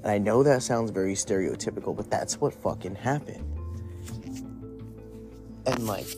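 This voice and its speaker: A young podcast host casually shares a candid, confessional personal story, rambling and leaning heavily on "like." His voice is lowish and his speed normal, with music playing in the background.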